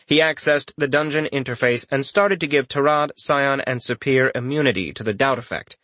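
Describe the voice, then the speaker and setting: A man narrating a fantasy audiobook in an expressive storytelling manner. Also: mid-range voice, normal speed, no echo.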